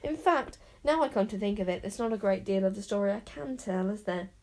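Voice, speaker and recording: A woman's voice: mid-range voice, fairly quick, darkish tone, natural voice. A woman voicing an anxious, fussy old male raven in a storybook reading, with a flustered, squawking manner. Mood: worried.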